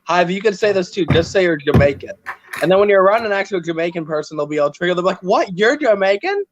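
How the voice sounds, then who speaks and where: A man's voice: high-pitched, racing, highs cut off, noisy background. A man hosting a casual chat while building a set, joking and rambling with self-mocking humor.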